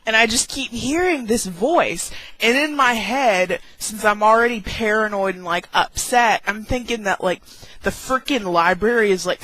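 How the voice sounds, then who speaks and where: A young woman vlogger telling a dramatic story with many "like"s and squeaky acted-out exclamations. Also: pushed and bright, no echo, rough recording. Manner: heavy use of "like". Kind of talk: animated storytelling vlog.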